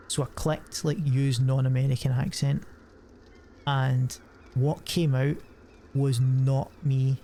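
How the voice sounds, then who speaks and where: A young man with a slightly high, darkish voice rambles casually while streaming a game, swearing often. He uses many fillers and keeps restarting his sentences, with slight background noise behind him.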